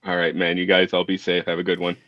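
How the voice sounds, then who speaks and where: A man's voice: low voice, monotone, quick pace, no echo, lo-fi sound. A man calling in to a talk show, chatting casually in a laid-back, friendly way. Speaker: caller. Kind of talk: casual chat.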